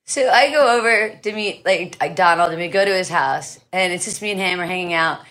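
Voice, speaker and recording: A woman's voice: fairly low pitch, fairly quick, a bit bright. A woman in her forties, a podcast guest, telling a story in a breathless, giggly way, often saying "like.". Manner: breathless, giggly, repeats "like" and "all of a sudden". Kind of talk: casual storytelling.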